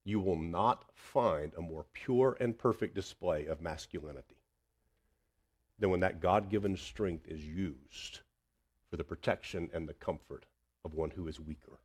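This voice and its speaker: A man preaching a sermon, swinging between loud emphasis and hushed tenderness. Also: low voice, unhurried, slightly rough.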